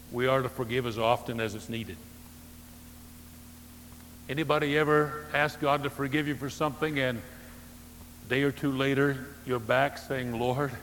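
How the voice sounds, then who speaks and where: A man preaching a sermon as pastor, emphatic, rising to loud stresses and dropping to soft low phrases, with dry humorous asides. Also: in a large hall, a little hiss or hum, rough recording. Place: church sanctuary.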